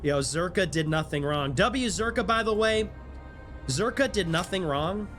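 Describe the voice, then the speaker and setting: High-voiced young man ranting on stream. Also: over music. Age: 20s. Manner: fast, animated, laughing asides. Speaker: livestreamer. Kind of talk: casual stream rant.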